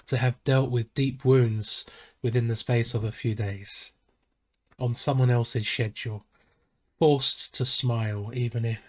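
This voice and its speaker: A man preaching a sermon as a pastor, measured and solemn, pausing softly between phrases. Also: mid-range voice. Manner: slow, measured and solemn, with soft pauses.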